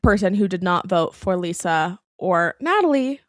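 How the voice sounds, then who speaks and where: A woman's voice: fairly low pitch, animated, normal speed, no room sound, clean studio sound. A woman co-hosting a podcast in a casual chat, blunt, heated and often profane. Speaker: podcast co-host.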